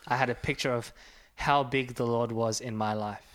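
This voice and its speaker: A man's voice: mid-range voice, steady tone, normal speed, fairly bright tone. A young man, a church minister, sharing an earnest personal testimony and reading scripture aloud with growing force. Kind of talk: personal testimony in a faith conversation.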